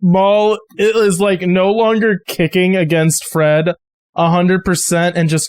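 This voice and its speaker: A man running a tabletop game as game master, narrating in a loose, chatty way full of fillers. His voice sits a bit high for a man. The sound is close and dry. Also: flat delivery, a little slow, a little mellow, clean tone, no room sound.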